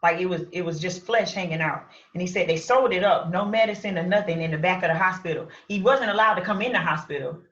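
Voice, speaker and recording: A woman telling a personal story as an interview guest, animated, acting out her own shouts and quotes. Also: lowish voice, fast, hardly any pauses. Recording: roomy, distant, dull lo-fi sound.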